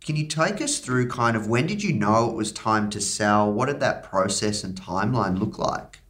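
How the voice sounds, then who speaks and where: A man hosting an interview podcast, reading a promo and asking questions in an upbeat way. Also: normal speed. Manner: upbeat, energetic pitch. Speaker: podcast host.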